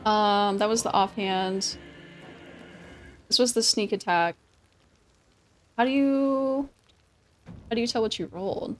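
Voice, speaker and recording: A woman streaming a game, talking casually, excitable, swearing freely and laughing often. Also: mid-range voice, slow pace, pauses often, faint music behind. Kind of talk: casual gameplay commentary.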